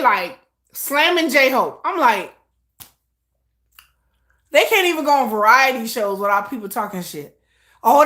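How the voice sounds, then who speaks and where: A woman's voice: high voice, sharp tone. A woman doing live reaction commentary, ranting with profanity and exasperated laughing asides. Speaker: reaction streamer.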